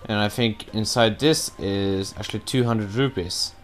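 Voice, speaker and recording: Man narrating gameplay, fairly low voice, rambling, mutters curses, faint game music behind. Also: a little slow. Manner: rambling, curses at his own mistakes. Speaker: let's play gamer. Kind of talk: casual gameplay commentary.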